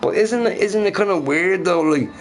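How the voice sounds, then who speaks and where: A man's voice: high voice, moderate pace, faint music behind. A man in a casual ranting monologue who swears a lot and keeps asking his listeners "right?". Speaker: vlogger.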